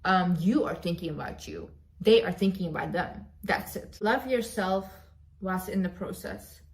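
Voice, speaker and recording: A woman's voice: fairly low pitch, expressive, moderate pace. A woman vlogger giving an emphatic, repetitive motivational pep talk straight to her viewers. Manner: emphatic, repetitive, direct address.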